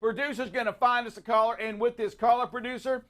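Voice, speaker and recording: Man, high voice, energetic live show host, encouraging, preachy. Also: fast talker. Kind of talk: live radio-style talk show hosting.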